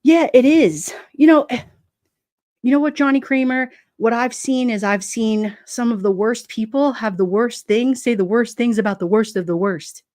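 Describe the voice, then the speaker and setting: A woman's voice: on the high side, moderate pace, darkish tone, no echo, clean studio sound. A middle-aged woman with a New York accent chatting casually to her livestream, blunt and streetwise, often breaking into laughs. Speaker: livestream host. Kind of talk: casual live-chat talk.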